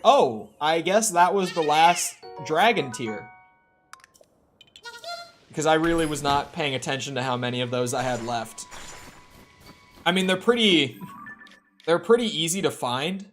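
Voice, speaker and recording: A man's voice: on the high side, a bit bright. Chatty young man rambling to himself. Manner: rambling, self-talk with frequent restarts. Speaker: streamer. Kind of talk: casual gameplay commentary.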